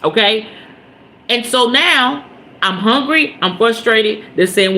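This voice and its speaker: A woman hosting a podcast, telling a story in casual talk about mindfulness. She is animated and emphatic, uses salty slang and swearing, and keeps checking in with her listeners. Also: on the high side, slow. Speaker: podcast host.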